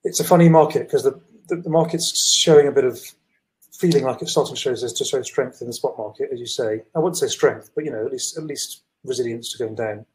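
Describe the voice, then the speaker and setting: A man's voice: mid-range voice, a little fast, darkish tone, poor audio. A man on a trading call, rambling through his positions with many hesitations and fillers. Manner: rambling, hesitant, self-deprecating. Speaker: guest trader. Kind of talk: casual chat on a call.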